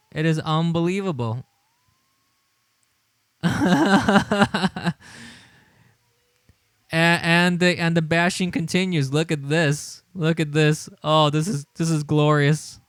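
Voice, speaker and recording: Man with a smooth dry voice. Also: on the high side, steady tone, slow, long pauses, no room sound. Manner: laughing, incredulous, rambling with restarts. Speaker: livestream host. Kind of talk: casual livestream commentary.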